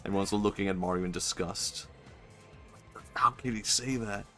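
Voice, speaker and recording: Low-voiced joking male streamer. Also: normal speed, a bit bright, faint music behind. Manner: joking, rambling, swears and laughs often. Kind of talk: casual gameplay commentary.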